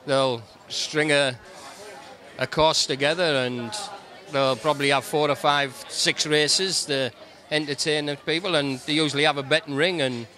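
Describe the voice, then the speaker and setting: A man's voice: fairly high pitch, fairly even intonation, normal speed, bright, forceful tone. A man answering interview questions outdoors, hesitant, with many fillers and restarts.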